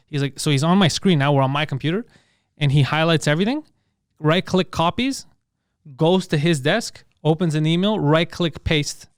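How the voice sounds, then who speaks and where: Animated, swearing male podcast storyteller. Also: fairly high pitch, normal speed, clean tone, no echo, clean studio sound. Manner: animated storyteller who swears and acts out quotes loudly. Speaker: podcast co-host. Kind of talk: casual comedy podcast chat.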